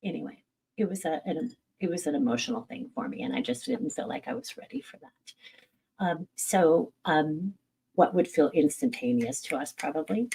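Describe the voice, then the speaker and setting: A middle-aged woman, a medium, chats through viewer questions in a frank, unpolished way, cursing casually and poking fun at herself. Her voice sits a little low, with a gravelly edge and a husky texture. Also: animated, normal speed, mellow, poor audio. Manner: candid, blunt, swears casually, laughs at herself. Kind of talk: casual live-stream Q&A.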